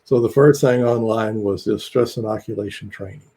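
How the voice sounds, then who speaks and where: A man's voice: fairly low pitch, normal speed, mellow, breathy edge. An older man telling stories on a video call, rambling along with fillers and chuckles. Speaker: psychologist guest. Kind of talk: casual video call talk.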